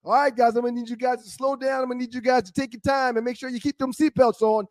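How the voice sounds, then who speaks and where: A man's voice: very high-pitched, little pitch movement, fast talker, no room sound, clean studio sound. A man putting on the voice of a friendly, indulgent country police officer with a drawl. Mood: genial. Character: easygoing country cop, middle-aged man.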